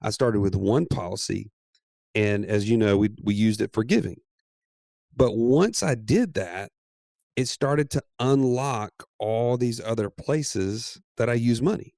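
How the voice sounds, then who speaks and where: A man co-hosting a podcast, telling a story in a playful, animated way and laughing often. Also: medium pitch, a little slow, vocal fry, dry recording, studio quality. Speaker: podcast co-host. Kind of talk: casual storytelling chat.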